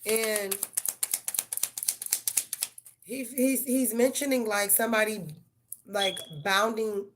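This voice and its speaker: A woman's voice: on the high side, fairly even intonation, takes it slowly, pauses often, a little hiss or hum. A middle-aged woman, giving tarot readings on a live stream and talking blunt and profane to her viewers. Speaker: tarot reader.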